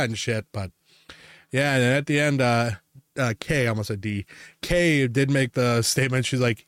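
This podcast host's mid-range voice has a clean tone, fairly even intonation and a moderate pace. He rambles through stories in casual chat, swearing freely and laughing often, in a clean studio recording with no room sound.

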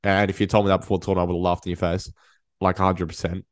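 A man hosting a casual sports podcast, talking in an animated way and often repeating and restarting his words. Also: low voice, racing, no echo. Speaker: podcast host. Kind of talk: casual chat.

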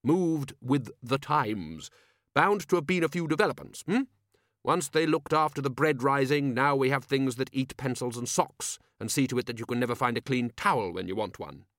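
A man voicing a blustering older male wizard head who talks loud and hearty. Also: medium pitch, normal speed, dry recording, studio quality, natural voice.

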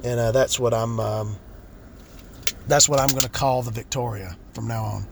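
Gravelly man ranting bluntly. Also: medium pitch, fairly even intonation, normal speed, background noise. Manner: profane, blunt, exasperated. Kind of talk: casual ranting vlog.

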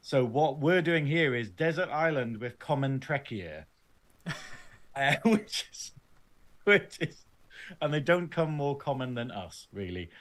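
A northern English man co-hosting a fan podcast, teasing his partner and laughing often. He rambles loosely and lightly from point to point. His pitch sits in the middle range for a man. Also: lively intonation, slow, a bit bright. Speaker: podcast co-host. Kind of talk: casual chat.

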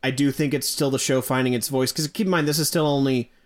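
A woman co-hosting a podcast in casual chat, measured, explaining and qualifying her points. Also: extremely low pitch, fairly even intonation, darkish tone. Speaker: podcast co-host.

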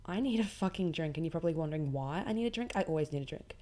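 A woman's voice: low-pitched, animated, very fast, mellow. A young Australian woman hosting her own podcast, ranting bluntly and swearing freely about people who play the victim. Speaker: podcast host. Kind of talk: casual ranting monologue.

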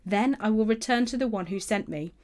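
Jesus, a calm male teacher, read by a woman, speaks in an earnest, measured way in her middle register. It stays close to a plain narrating voice, steady and sincere. It comes across as a read-aloud Bible passage. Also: mid-range voice, close to an everyday voice. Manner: earnest, measured reading of quoted speech. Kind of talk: Bible reading.

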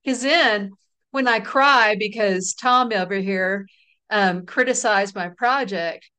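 A middle-aged woman, an author being interviewed, telling stories in a relaxed, laughing way. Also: medium pitch, slow, clear, resonant tone. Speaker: author and guest. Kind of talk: casual interview chat.

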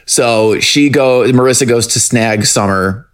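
A man co-hosting a casual podcast, recapping a TV show in a joking, animated way. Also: mid-range voice, measured pace, smooth. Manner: animated, joking, acts out lines in put-on voices. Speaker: podcast co-host.

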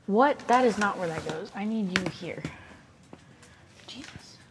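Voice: medium pitch, animated, normal speed, long reverb tail, noisy background. A young speaker in their twenties with a Southern US accent, rambling casually and swearing often while moving around their bedroom. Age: 20s. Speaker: vlogger.

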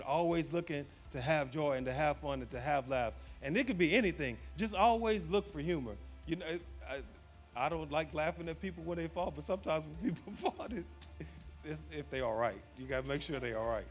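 Laughing storytelling pastor, a man. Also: on the high side. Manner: laughs often while telling stories; conversational, repeats phrases for emphasis. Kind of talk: casual humorous sermon.

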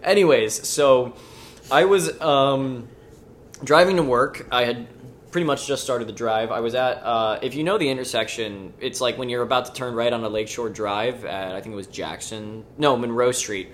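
A man's voice: medium pitch, moderate pace, a little hiss or hum. A man co-hosting a podcast, telling a story in casual chat and acting out its voices, with some swearing. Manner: animated storyteller, swears freely, acts out voices in the tale. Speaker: podcast co-host.

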